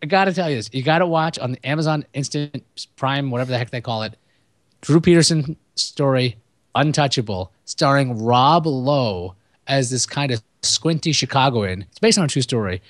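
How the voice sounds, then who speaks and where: A man co-hosting a podcast, chatting casually about movies in a rambling, profane, animated way. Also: mid-range voice, normal speed, no room sound, clean studio sound. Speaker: podcast co-host.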